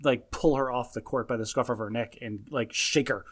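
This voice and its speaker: A man in his thirties co-hosts a casual podcast, his voice sitting at an ordinary middle pitch. He tells stories in an emphatic, lecturing way, pressing his points home. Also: steady tone, normal speed, slightly rough. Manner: emphatic, lecturing when recounting parenting. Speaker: podcast co-host.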